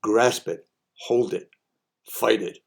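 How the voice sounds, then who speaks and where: A man's voice: lowish voice, takes it slowly, vocal fry. A man hosting a folksy monologue of homespun advice, repeating each saying for emphasis. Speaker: host sharing sayings.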